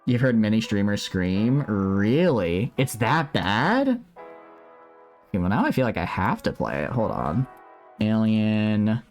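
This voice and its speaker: A man's voice: lowish voice, big pitch swings, measured pace, a little mellow, faint music behind. A man streaming live from home, chatting casually and reacting to his chat while he builds a model kit.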